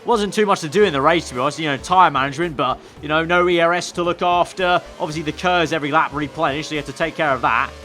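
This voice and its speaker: Over faint background music, a man who makes gaming videos keeps up a talkative commentary on his racing game, firing off quick, dry, sarcastic digs. His pitch is fairly high, a little above the usual for a man, and his tone is sharp.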